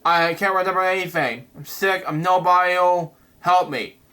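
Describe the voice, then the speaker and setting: A man reading the lines of a frightened stranger who has lost his memory and begs for help, in a plain, flat voice that stumbles now and then. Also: high voice, moderate pace. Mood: pleading.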